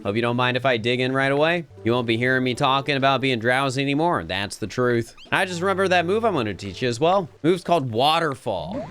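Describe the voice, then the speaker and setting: A man's voice: medium pitch, a bit bright, lightly acted. A man voicing a drowsy, friendly male sea serpent with a folksy Southern accent and homespun sayings. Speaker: gamer voicing a game character.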